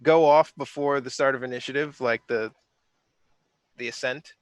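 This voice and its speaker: A man playing a tabletop game who checks the rules and asks quick questions about what his character can do. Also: medium pitch, fairly even intonation, dry recording. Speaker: player. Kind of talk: casual tabletop game play.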